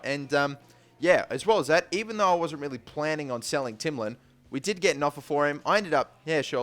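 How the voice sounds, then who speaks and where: Young guy talking fast over a football game, rambly, keeps saying but still, hypes up the big plays. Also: mid-range voice. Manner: rambling, repeats "but still" and "to be completely honest"; gets excited calling match action. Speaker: gaming YouTuber. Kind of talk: casual let's-play commentary.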